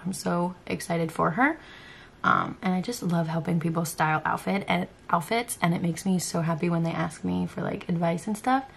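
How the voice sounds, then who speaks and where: A woman in her twenties talking casually to her phone camera in a vlog, chatty and excitable, swearing freely. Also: fairly low pitch, gravelly, a little hiss or hum. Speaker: vlogger.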